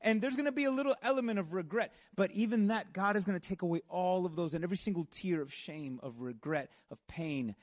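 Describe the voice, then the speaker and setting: A man's voice: sits high, fast talker, hardly any pauses. A man preaching a sermon in a conversational, earnest way, with asides and restarts. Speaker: pastor.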